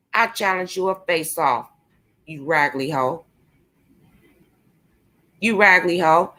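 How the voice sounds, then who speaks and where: Slow, bright-voiced woman ranting angrily. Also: on the low side. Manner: confrontational, profane, taunting. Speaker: vlogger. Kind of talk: angry profane rant to camera.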